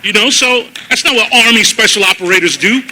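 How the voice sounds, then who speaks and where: Man doing church testimony, high and sharp-toned voice, animated storyteller. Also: brisk, a little hiss or hum, rough recording. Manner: animated storytelling, acting out his own past words. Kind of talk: personal testimony sermon. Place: church service.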